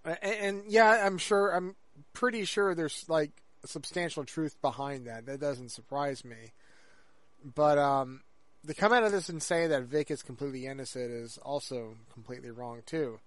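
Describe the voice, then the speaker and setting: This podcast co-host, a man, keeps things casual and rambling, with many fillers and restarts. His fairly high, fairly bright voice moves at a moderate pace on a dry recording.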